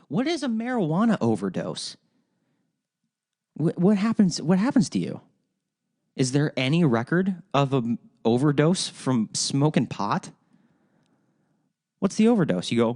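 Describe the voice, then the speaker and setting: A man's voice: a little high, big pitch swings, unhurried, long pauses, darkish tone. A man hosting a solo podcast, ranting in a rambling, profane way with frequent restarts. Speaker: podcast host.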